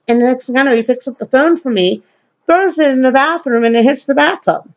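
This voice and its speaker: Woman, rather high voice, blunt cursing rant, muffled lo-fi webcam sound. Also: fairly quick. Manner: blunt and profane, acts out quotes in a higher voice. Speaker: vlogger. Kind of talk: casual storytelling rant. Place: home, speaking to a camera.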